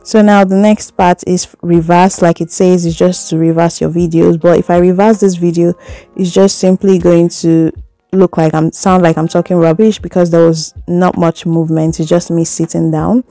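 A woman's voice: on the low side, flat delivery, normal speed, mellow, no echo, faint music behind. A woman giving a chatty, step-by-step editing tutorial, seated indoors and recorded on a phone. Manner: chatty step-by-step explaining, little laughs. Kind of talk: casual screen tutorial.

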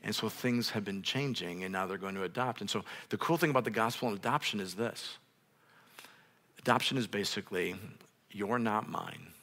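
A male pastor preaching a sermon in a casual, conversational way, with many restarts, growing louder and higher when stirred up. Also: brisk. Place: church sanctuary, on a raised stage.

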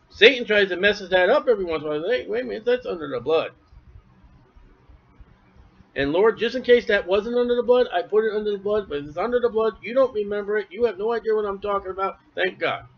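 High-voiced animated preacher, lo-fi. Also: male voice. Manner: animated, acts out imagined voices, asides to the congregation. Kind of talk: expository sermon. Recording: dull lo-fi church recording.

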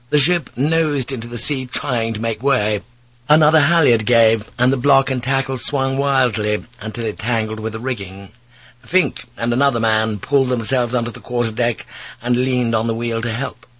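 A man narrating an audiobook in a measured, dramatic storytelling manner. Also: medium pitch, a bit bright, slightly rough, no room sound, poor audio.

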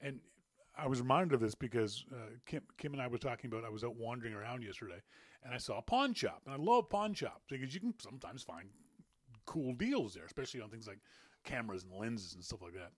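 A North American man hosts a relaxed podcast in a middle-pitched voice. He talks in a playful, chatty way and often restarts his sentences. The sound is dry and close. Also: quick pace, dry recording. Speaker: podcast host. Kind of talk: casual chat.

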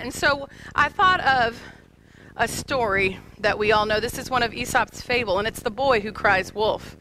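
A woman's voice: a little high, expressive, a little slow, pushed and bright, a little hiss or hum, low-quality recording. A woman pastor in her thirties preaching a sermon in a church, telling stories with light humor and speaking directly to the kids. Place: church sanctuary.

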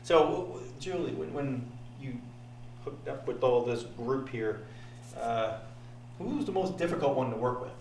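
A man's voice: medium pitch, darkish tone, slight background noise. A man hosting a casual chat, cracking jokes and asking his guests questions. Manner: joking, quick with wisecracks. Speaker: host. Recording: echoey room, distant mic.

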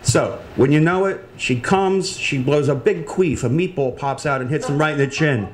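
A man's voice: a little high, moderate pace. A man, a chef, telling a crude story joke and teasing the audience. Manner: cocky, teasing the crowd. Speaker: chef and comedian contestant.

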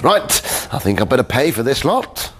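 A man's voice: mid-range voice, big pitch swings, moderate pace, a little hiss or hum, natural voice. A British man playing a cheery grown-up character on a children's TV show, chatty and chuckling as he tells a story.

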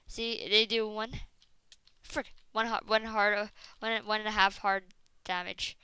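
A woman giving casual gameplay commentary, rambling with many fillers and breaking into excited shrieks and exclamations. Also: medium pitch, unhurried, clean tone, dry recording, low-quality recording. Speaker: gaming video host.

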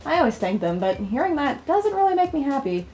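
Woman voicing a worn-out young student, higher voice, game reading. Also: big pitch swings, fairly quick, a little mellow, faint music behind. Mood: weary. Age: young adult. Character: overworked young female college student. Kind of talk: reading game dialogue aloud.

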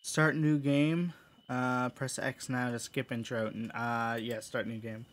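Chill gaming streamer talking thru a horror game, jokey, laughs at self, slow. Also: mid-range voice, flat delivery. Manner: chatty, self-mocking, laughs easily. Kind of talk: casual let's-play commentary.

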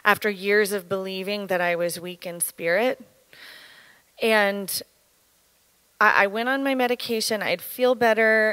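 A woman in her thirties giving an earnest, candid personal testimony as a church speaker, speaking in a measured way. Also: medium pitch, pushed and bright, no room sound, low-quality recording.

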